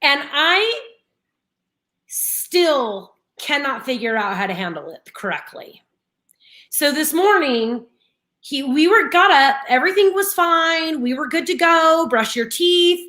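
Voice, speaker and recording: A high-pitched woman in her thirties talks at a slow pace while co-hosting a relaxed morning live show. Her storytelling is lively, mixing laughter with bursts of frustration.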